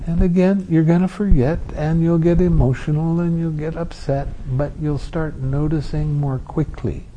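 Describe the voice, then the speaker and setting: A man giving a meditation talk, gentle and amused, who acts out his students' complaints. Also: a little high, fairly even intonation, moderate pace, highs cut off, slight background noise. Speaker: meditation teacher. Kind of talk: dharma talk.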